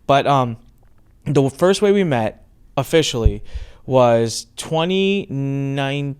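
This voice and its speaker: A middle-aged man hosting a podcast, telling a story with lively acted-out exchanges in casual chat. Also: mid-range voice, takes it slowly, clean tone. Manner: animated storyteller, acts out quoted exchanges. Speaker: podcast host.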